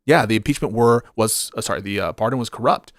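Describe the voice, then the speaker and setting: A man's voice: fairly low pitch, fast, dry recording, clean studio sound. Blunt, profane male political streamer. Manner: blunt and profane, rambling while searching comments. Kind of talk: livestream commentary reading chat.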